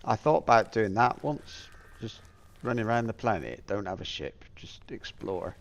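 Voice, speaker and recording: Middle-aged gamer from Plymouth, low voice, rambling casual commentary. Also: male voice, expressive, moderate pace, gravelly, muffled recording. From Plymouth, England. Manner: rambling, musing aloud with many fillers. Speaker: gameplay streamer.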